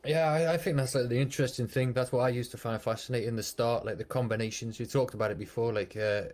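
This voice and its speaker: A man, a former pro cyclist, calmly explaining race tactics in a relaxed podcast conversation. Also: mid-range voice, quick pace. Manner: thoughtful, explanatory. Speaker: former professional cyclist, guest. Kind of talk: casual podcast chat.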